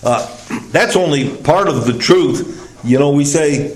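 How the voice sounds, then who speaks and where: A male preacher delivers a sermon at a very unhurried pace, stretching out the words he wants to land. His voice sits a touch high, then sinks low and soft for emphasis. The sound rings around a reverberant church hall. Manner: emphatic, drawn-out stresses with sudden drops in pitch and volume.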